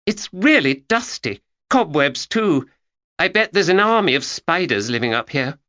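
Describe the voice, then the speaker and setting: A man voicing Georgia, a curious and chatty young woman who is full of quick questions. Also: low voice, big pitch swings, a bit bright, lo-fi sound, pitched above the performer's own voice, exaggerated voice. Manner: quick questions, exclaims readily.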